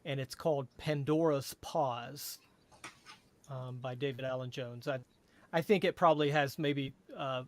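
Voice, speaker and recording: A man with a light Southern US accent, talking casually as a guest author, self-deprecating and quick to chuckle, on a headset mic. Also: medium pitch, fairly even intonation. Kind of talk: casual podcast chat.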